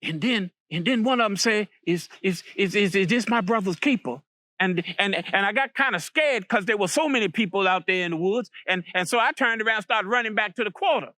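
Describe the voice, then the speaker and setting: A man's voice: sits high, brisk, hardly any pauses, pushed and bright, no echo, studio quality. A man from Virginia telling a folk story aloud, in a folksy way with many repeated words and restarts. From Virginia, USA.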